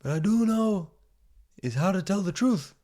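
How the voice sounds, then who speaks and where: A man's voice: sits high, expressive, dark tone, pitched above the performer's own voice. A man mocking a frail, folksy old president. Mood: earnest. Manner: mocking impression, drawn-out words. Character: frail elderly male American president, folksy.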